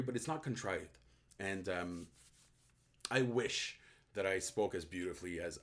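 Chatty francophone man hosting a hockey stream. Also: fairly low pitch. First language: French. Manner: chatty, reads viewer comments, frequent restarts. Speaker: host. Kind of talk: casual live-stream chat.

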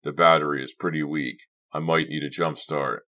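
A man's voice: rumbling low, fairly even intonation, normal speed, sharp tone. A man voicing a stubborn, impatient teenage boy who speaks firmly and clipped. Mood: determined. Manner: firm, clipped.

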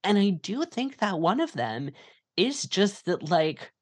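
A woman's voice: mid-range voice, very animated, slow. A woman co-hosting a casual film podcast, rambling with lots of filler words and casual swearing. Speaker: podcast co-host.

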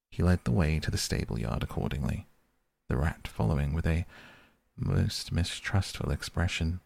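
Deep, gravelly man reading softly at bedtime. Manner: soft, slow, calm reading. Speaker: podcast host and reader. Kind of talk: soft bedtime audiobook reading.

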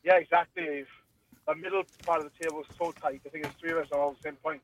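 A man's voice: fairly high pitch, steady tone, quick pace, far from the mic, slight background noise, low-quality recording. A man, a rugby player joining by phone as a guest, chatting easily and laughing often. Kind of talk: casual phone interview.

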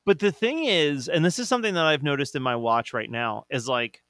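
A man's voice: on the high side, a little fast, a bit bright, no echo, studio quality. A young man co-hosting a podcast in casual chat, talking loosely with lots of fillers and frequent laughs. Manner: chatty, laughs often, many fillers. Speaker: podcast co-host.

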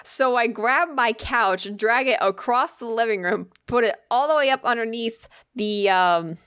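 A woman's voice: fairly high pitch, unhurried, clean tone, dry recording. Woman ranting a story to a friend, swears a lot, does the voices, dry close sound. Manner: profane, animated storytelling with acted-out quotes. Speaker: storyteller in casual chat. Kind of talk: casual chat.

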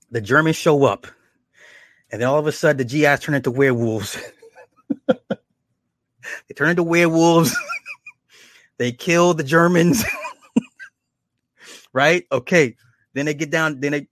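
A man casually retelling horror episodes, slipping into quick acted quotes and chuckles. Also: mid-range voice, a bit bright, dry recording, studio quality. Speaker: show reviewer.

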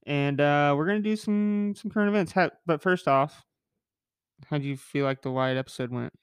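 A man's voice: on the high side, clean tone, no room sound, clean studio sound. Nasal-voiced joking podcast host man. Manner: joking, rambling, quick asides. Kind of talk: casual podcast banter.

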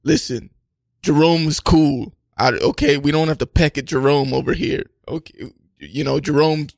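Un homme qui joue un coq tenant un stand de rue, qui bafouille et s'agite. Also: male voice, on the high side, steady tone, moderate pace, gravelly, dry recording. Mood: fussy. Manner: flustered, stammering, fussing. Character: fussy rooster running a food cart.

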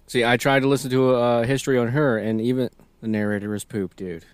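A man's voice: medium pitch, steady tone, fast, clear, resonant tone, dry recording. A man in his thirties co-hosting a podcast, talking in a laid-back way and chuckling often. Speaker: podcast co-host. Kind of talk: casual chat.

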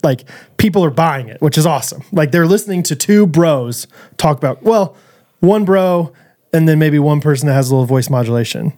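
Jokey podcast guy, a bit higher voice, chatty and playful. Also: expressive, a little fast, a little mellow. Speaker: podcast co-host. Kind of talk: casual podcast chat.

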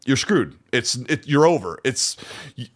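A young man co-hosting a casual gaming chat show, telling funny stories in an animated way and laughing often. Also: medium pitch, a little slow. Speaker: podcast co-host.

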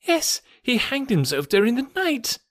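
A shrill, frantic middle-aged doctor voiced by a man, his words tumbling out breathless and high. The sound is dry and close. He never settles. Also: huge pitch swings, a little slow, fairly bright tone, dry recording, heavily acted. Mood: distraught.

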